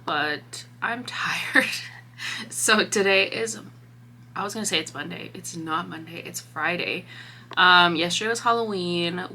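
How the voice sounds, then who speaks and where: A young woman vlogging casually about a book she is reading, talking in an animated way, laughing often and swearing freely. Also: on the low side, slight background noise. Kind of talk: casual vlog chat.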